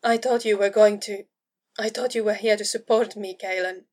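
A worn-out woman fighter begs in a slow, hushed voice, as a woman reads her lines. She sounds drained and wounded, her voice sitting in an ordinary middle register for a woman. This is a storybook reading. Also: medium pitch, fairly even intonation, natural voice. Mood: hurt.

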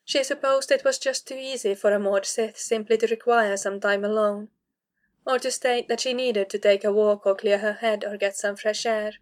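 A woman reading a fantasy novel aloud as narrator, in a measured, even storytelling manner. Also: mid-range voice. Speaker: audiobook narrator. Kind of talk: scripted narration.

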